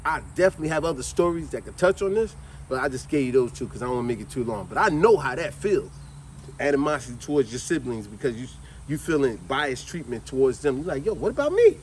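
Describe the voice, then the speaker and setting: Man, vlog host, animated storyteller. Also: medium pitch, fast talker, a little hiss or hum. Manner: lively, animated, laughs while telling. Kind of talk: casual storytelling.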